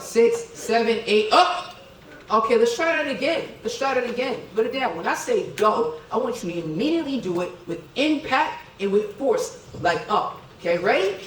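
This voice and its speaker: Speaking from afar in an echoey event hall full of tables and chairs, a middle-aged keynote speaker energetically leads the audience through dance counts, calling for their replies with a recurring "okay?". He has a high-pitched voice, and there's slight background noise.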